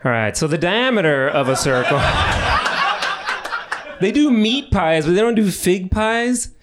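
A man's voice: high-pitched, animated, unhurried. A man in his thirties doing crude, rambling improvised stand-up from audience suggestions, laughing at his own jokes on a club stage. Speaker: stand-up comedian. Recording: noisy live club recording.

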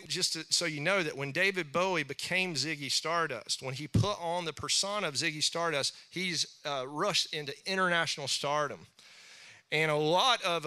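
Bright, smooth-voiced chatty preacher man. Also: fairly high pitch. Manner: chatty, rambling, jokey with acted asides. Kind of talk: casual sermon.

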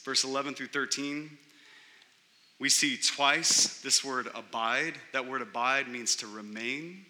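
A man pastor preaching a sermon, building his points through emphatic repetition and pauses. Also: mid-range voice, pushed and bright. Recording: long hall reverb.

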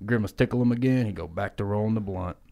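A man's voice: on the low side, fast talker, creaky, dark tone. A man co-hosting a podcast, telling an improvised comic story in a loose, profane, laughing way. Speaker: podcast co-host.

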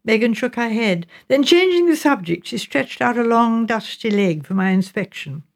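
A woman reading an audiobook narration in a crisp, measured storytelling manner. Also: fairly high pitch, expressive.

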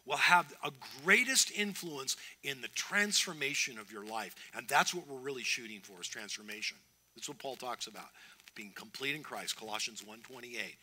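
A man's voice: mid-range voice, bright, forceful tone, breathy edge. A man preaching a sermon as pastor, earnest and emphatic, often restarting his phrases.

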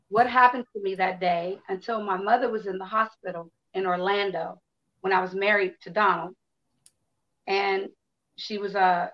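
A woman in her fifties from Chicago, telling a personal story to listeners in a candid, animated way, acting out quotes and swearing freely. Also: medium pitch, lo-fi sound.

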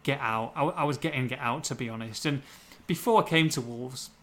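A man from Hull, hosting a casual podcast chat, reading out listener questions and joking quickly. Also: mid-range voice, slight background noise. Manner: quick, jokey and animated.

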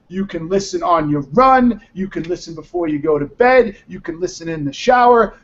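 An exhausted man hosting a live talk show, his voice pitched fairly high for a man. He rambles and talks bluntly, swearing now and then. The sound is muffled and lo-fi. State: exhausted from little sleep. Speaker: show host. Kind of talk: casual live-show chat. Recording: muffled lo-fi audio.

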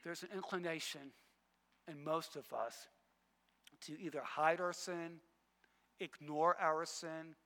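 High, bright-voiced preacher in a reverberant hall. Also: male voice. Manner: emphatic, repeats phrases, swings between loud and hushed. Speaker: pastor. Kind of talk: sermon.

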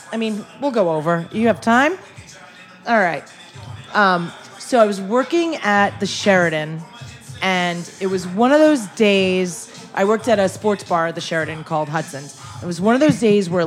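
A young woman hosting a casual chat, telling a story with lively energy and acting out the people in it. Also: medium pitch, normal speed, faint music behind. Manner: animated storyteller, acts out customers' lines. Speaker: podcast host, former waitress.

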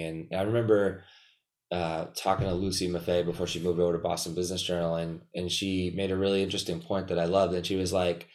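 A man's voice: low-pitched, level tone, brisk, darkish tone. A man hosting a podcast in casual chat, agreeable and upbeat, often saying "yeah".

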